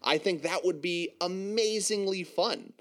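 A man's voice: sits high, unhurried. A man hosting a casual podcast chat, talking playfully about tabletop roleplaying. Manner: animated, playful. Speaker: podcast host.

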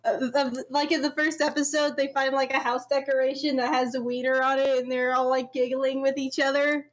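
High-voiced enthusiastic young woman. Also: little pitch movement, brisk. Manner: enthusiastic, gushing about shows. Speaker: podcast co-host. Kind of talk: casual chat.

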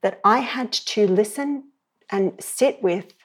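A middle-aged woman speaking as a parenting educator in a podcast interview, telling stories in a lively way and acting out the voices she quotes. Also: mid-range voice, takes it slowly, husky. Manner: lively storyteller who acts out quoted voices.

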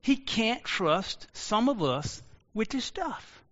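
A man preaching a sermon as pastor, rising to shouts and slowing into drawn-out pauses. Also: high-pitched, big pitch swings. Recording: lo-fi audio with long reverb.

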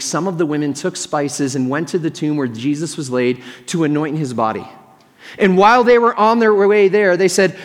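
A man preaching a sermon as pastor, telling a story earnestly and imagining what people thought and said. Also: on the high side. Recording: long reverb of a large hall.

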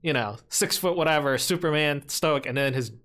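A man co-hosting a podcast, telling stories in casual chat with animated, laughing delivery. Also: fairly high pitch, normal speed, clear, resonant tone. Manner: animated storytelling, laughing often. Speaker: podcast co-host.

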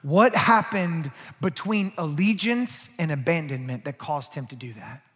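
A male pastor preaching a sermon, moving from quiet asides to loud, emphatic passages. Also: fairly high pitch, lively intonation, measured pace, long reverb tail.

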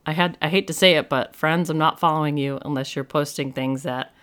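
A woman with a strikingly low, deep voice talks through her own podcast episode. She rambles loosely and casually, and fills her sentences with "like" and "you know". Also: clear, resonant tone. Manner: chatty and rambling, heavy use of "like". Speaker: podcast host and medium. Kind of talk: casual solo podcast monologue.

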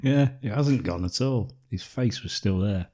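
Low-voiced man with lively, jokey delivery. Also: measured pace. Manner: dry jokey asides, laughs often. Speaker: podcast co-host. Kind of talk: casual comedic movie recap.

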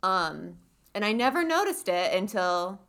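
A woman's voice: mid-range voice, big pitch swings, measured pace, gravelly, a bit bright, smooth. A woman from the Cleveland area with a Cleveland accent, co-hosting a podcast in chatty, playful casual talk. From Cleveland area, Ohio. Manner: chatty, lots of likes, playful mock indignation. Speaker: podcast co-host. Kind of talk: casual chat.

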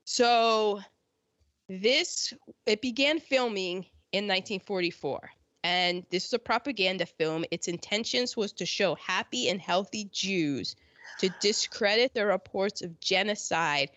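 An American woman hosts a laid-back history chat with a sarcastic edge, frequently mocking people by imitating them in quoted voices. Her mid-range voice is unhurried and fairly bright, and the recording has no echo but sounds dull and lo-fi.

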